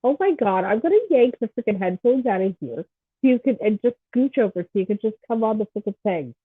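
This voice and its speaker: A woman's voice: mid-range voice, lively intonation, fairly quick, slightly rough, no room sound. A woman hosting a podcast in casual chat, talking in a chatty, rambling, teasing way with a stuffed-up nose. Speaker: podcast host. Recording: tinny phone-like line.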